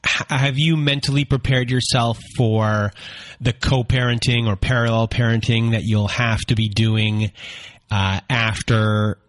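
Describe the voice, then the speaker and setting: A man hosts a podcast and asks his guest questions in a hesitant way, full of fillers. His voice sits at an ordinary middle pitch. The sound is dry and close. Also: steady tone, unhurried, fairly bright tone, dry recording. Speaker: podcast host.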